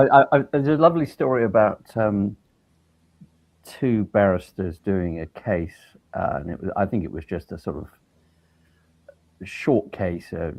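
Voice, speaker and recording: A man telling lively anecdotes as a guest on a talk show, heard over an online call. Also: sits low, gravelly, slightly rough. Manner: animated storyteller. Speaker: guest, a judge. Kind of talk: anecdotal conversation. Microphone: video call.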